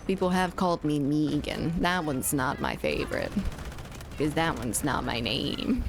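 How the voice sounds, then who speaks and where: Casting: woman game streamer, mild Southern US accent, lowish voice, chatty, laughs easily, faint background hiss. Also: gravelly. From southern United States. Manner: chatty, reads chat aloud, laughs often. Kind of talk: casual live-stream chat while gaming.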